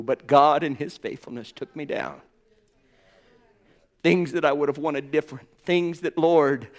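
A man preaching a sermon with fervor, swinging between hushed tones and ringing exclamations and calling his listeners brothers and sisters. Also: a little high. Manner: addresses the congregation as brothers and sisters.

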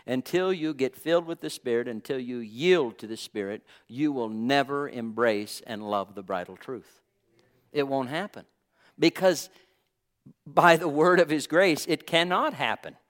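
With an unhurried, mid-range voice, a preacher gives an impassioned sermon that moves in repetitive rhythms and is sprinkled with praise. He shifts between booming proclamations and hushed, almost whispered words.

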